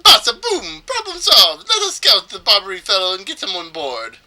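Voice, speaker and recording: A man's voice: high voice, huge pitch swings, normal speed, bright, forceful tone, voice pushed up, full character voice. A man voicing a vain, pompous male ship owner in a fake Spanish accent, boasting grandly while reading game text. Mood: triumphant. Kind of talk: let's play voice reading.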